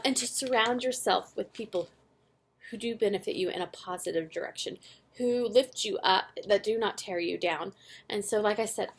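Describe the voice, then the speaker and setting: An earnest young woman gives a casual motivational recap to her team, speaking at a middle pitch. She talks in an animated way, laughs at herself and fills her pauses with ums and likes. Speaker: direct sales team leader.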